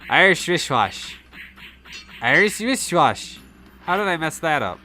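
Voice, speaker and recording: A man's voice: a little high, very animated, unhurried, bright, forceful tone, soft background music. A man playing a tower defense game, joking around and swearing at the enemies. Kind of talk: casual let's play chat.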